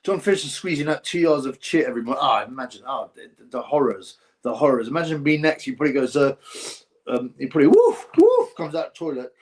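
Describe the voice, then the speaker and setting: Brief: male stream host, mid-pitched, rambling and mocking, chats to viewers between jabs of mimicry. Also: fast. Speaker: boxing live-stream host. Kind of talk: casual live-stream chat reading viewer comments.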